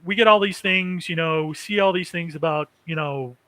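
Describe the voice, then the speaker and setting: Rambling high-voiced man recapping anime. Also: normal speed, pushed and bright, no room sound, poor audio. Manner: rambling, chuckling, many fillers. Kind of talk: casual chat.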